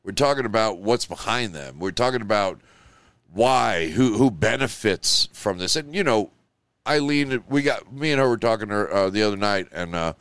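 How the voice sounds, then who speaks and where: A man's voice: fairly low pitch, expressive, moderate pace, a bit bright, clean tone, no echo. A man hosting a live show, talking in a loose, emotional, rambling monologue full of "you know" and "like.". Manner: emotional, rambling, heavy on 'you know' and 'like'. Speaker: show host.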